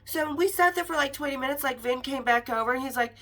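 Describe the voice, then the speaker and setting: A woman's voice: high-pitched, quick pace, a bit bright. A middle-aged woman from Las Vegas hosting a podcast, telling a personal story candidly with swearing and acted-out dialogue. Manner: candid and profane, acting out quoted dialogue. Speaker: podcast host.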